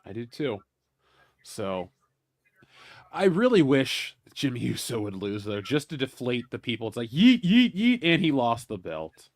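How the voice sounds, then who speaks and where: Lively man complaining on a podcast. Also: mid-range voice, a little slow, dry recording. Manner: animated, mocking complaints with swearing. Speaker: podcast co-host. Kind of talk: casual chat.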